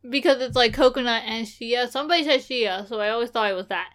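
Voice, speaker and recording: A woman's voice: a little high, fast talker, fairly bright tone. A woman co-hosting a podcast in casual chat, playful and giggly, with a slight lisp from a dental plate. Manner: giggly, playful, trips over words. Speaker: podcast co-host.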